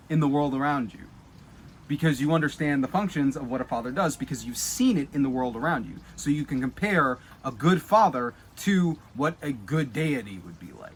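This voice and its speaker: A man giving a casual spoken teaching, guiding the listener through an exercise and often dropping to a soft, low voice. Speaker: spiritual teacher.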